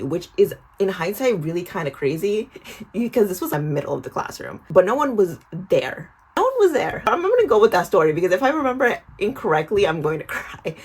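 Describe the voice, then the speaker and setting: A woman's voice: fairly low pitch, husky. A young woman in her twenties chatting through a storytime vlog while doing her skincare. She tells the story animatedly, swears often and calls the viewer "girl". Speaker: vlogger.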